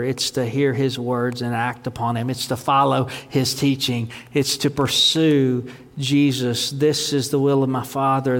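A pastor preaching a sermon, swinging between loud proclaiming and hushed near-whispers. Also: male voice, fairly high pitch. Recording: long reverb of a large hall.

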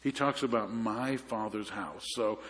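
A man's voice: on the low side, a little slow, fairly bright tone, big-room sound. A man preaching a sermon as pastor, telling stories in a conversational way with frequent restarts. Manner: conversational storytelling with repeated restarts.

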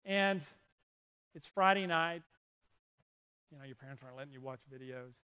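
A man's voice: mid-range voice, moderate pace, clean tone. A man preaching a sermon to young people, telling stories and urging listeners directly. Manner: animated, storytelling, urges listeners directly. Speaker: youth pastor. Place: indoor room with an audience.

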